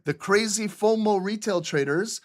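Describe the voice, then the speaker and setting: Over a screen share, an Albanian man teaches a live trading lesson in a high voice at a moderate pace. He is talkative and animated as an instructor, leaning on "okay?" and "look" again and again and swearing now and then.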